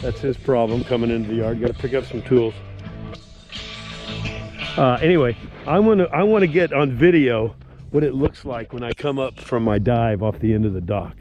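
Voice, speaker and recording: A man's voice: medium pitch, expressive, moderate pace, pauses often, darkish tone, faint music behind. An older man filming himself outdoors with a handheld action camera, rambling in a folksy, grumbling way as he tours his lakeside yard. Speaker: homeowner giving a yard tour. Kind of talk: casual self-filmed vlog.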